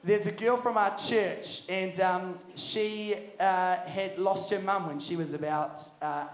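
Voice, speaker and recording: A young man preaching to a youth camp, energetic and jokey. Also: high voice, slow pace. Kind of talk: sermon. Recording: echoey hall.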